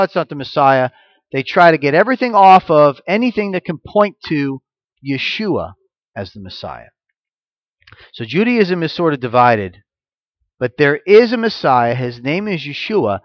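A man preaching a sermon as a messianic rabbi, reading scripture and drawing out key words slowly for emphasis. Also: on the high side, no echo, muffled recording. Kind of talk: sermon teaching.

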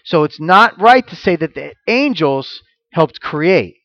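A man preaching a sermon as a messianic rabbi, reading scripture and drawing out key words slowly for emphasis. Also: a little high, big pitch swings, fairly bright tone, no echo. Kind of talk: sermon teaching.

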